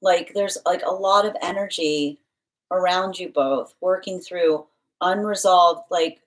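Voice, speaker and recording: A woman with a somewhat low voice hosts a live tarot stream. She talks casually and affectionately, thanking viewers and reading out their comments. When she turns to the cards, she rambles and pads her talk with fillers. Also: measured pace, low-quality recording. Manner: chatty, warm-hearted, reads comments aloud. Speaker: tarot reader.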